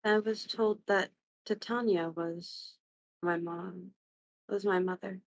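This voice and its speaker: A bewildered young heroine in a tabletop game, voiced by a woman player. She talks slowly and in fragments, breaking off her questions halfway. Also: mid-range voice, steady tone, rough recording. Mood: stunned. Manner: hesitant, broken-off questions. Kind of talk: in-character tabletop role-play.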